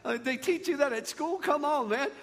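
A man doing stand-up comedy, telling a story in an animated way and yelping up high on his punchlines. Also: moderate pace. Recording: long hall reverb.

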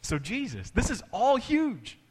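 A man preaching a sermon with big swings in loudness and pitch, dropping to a hush for quoted words. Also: wildly swooping pitch, a little slow, slightly rough, long reverb tail. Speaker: pastor.

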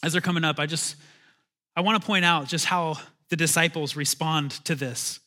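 High, bright-voiced conversational preacher man. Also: normal speed. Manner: conversational, animated, self-interrupting, chuckling asides. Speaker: pastor. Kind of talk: sermon.

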